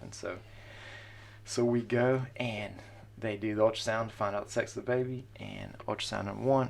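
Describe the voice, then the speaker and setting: Low, gravelly-voiced man telling a story. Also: steady tone, normal speed. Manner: casual, rambling, many fillers. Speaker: father telling his story. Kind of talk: personal storytelling.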